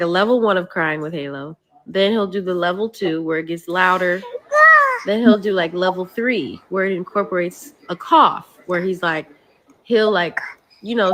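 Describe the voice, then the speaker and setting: A woman's voice: on the low side, fairly bright tone. Chatty young mother telling a story. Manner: storytelling with many fillers. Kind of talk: casual chat clip.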